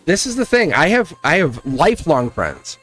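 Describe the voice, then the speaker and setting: A man giving a live-stream tarot reading, emphatic and animated, laughing often and slipping into a scolding teacher tone. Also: on the high side, moderate pace, faint music behind. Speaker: tarot reader.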